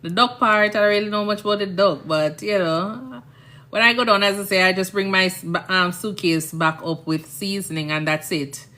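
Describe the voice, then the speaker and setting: A woman's voice: mid-range voice, moderate pace, bright, forceful tone. A woman from Jamaica with a Jamaican accent, a nurse chatting casually on a livestream, rambling and often checking "you understand?".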